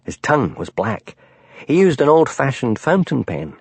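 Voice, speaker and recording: A man voicing a shrewd, quiet Highland police constable in an audiobook, speaking with an urgent, lifted voice. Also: very animated, moderate pace, breathy edge, dry recording. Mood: confiding. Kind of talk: audiobook character voice.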